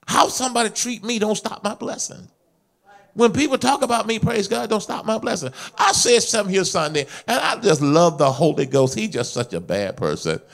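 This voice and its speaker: A middle-aged man preaching a sermon as pastor, fervent and rhythmic, swinging between soft confiding passages and shouted climaxes. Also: high-pitched, animated, moderate pace, gravelly. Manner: preaching in a fervent call-and-response style, rising to shouts.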